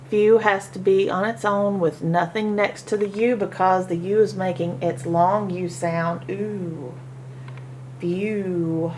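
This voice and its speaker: A woman teaching a phonics lesson to children, sounding out each word slowly, syllable by syllable. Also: medium pitch, a little mellow, a little hiss or hum. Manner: slow, sounding out syllables one by one. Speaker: reading teacher.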